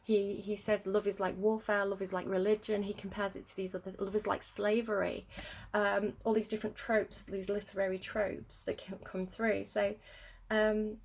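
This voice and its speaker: A woman's voice: mid-range voice, flat delivery, moderate pace, vocal fry. An English woman giving a tarot reading, telling her story in a casual, rambling way with many fillers and little laughs. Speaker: tarot reader.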